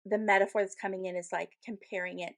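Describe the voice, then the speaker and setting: A woman's voice: mid-range voice, little pitch movement, fast talker. A woman in her thirties co-hosting a spiritual podcast, chatting casually and telling stories with frequent fillers and laughs. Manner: chatty storyteller, laughs often, many fillers. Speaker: podcast co-host, medium. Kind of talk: casual chat.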